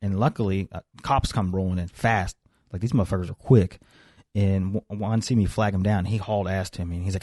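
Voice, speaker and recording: A young man tells a story in a relaxed podcast chat, swearing freely. His voice sits a little low and sounds dark and mellow. The room sounds dry. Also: brisk, no room sound. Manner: profane, animated storyteller. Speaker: podcast co-host.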